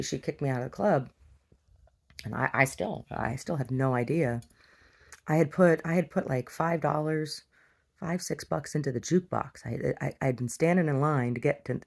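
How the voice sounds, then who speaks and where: In a video diary, a woman with a very deep, husky, slightly mellow voice and vocal fry casually tells a personal story at normal speed. She rambles, with many restarts and asides.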